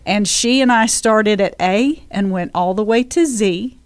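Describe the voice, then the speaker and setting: A woman's voice: medium pitch, measured pace, smooth, no room sound, studio quality. A woman raised in England with an American accent, co-hosting a podcast and telling stories in a bantering, chatty way. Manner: bantering, storytelling. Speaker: podcast co-host. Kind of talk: casual chat.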